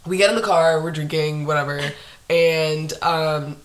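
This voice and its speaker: A young woman tells a story on a casual podcast, her voice sitting a little low for a woman. She talks animatedly, laughs often, leans heavily on "like" and swears freely. The room gives her voice a noticeable echo. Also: a little slow. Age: young adult. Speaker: podcast host. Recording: echoey room.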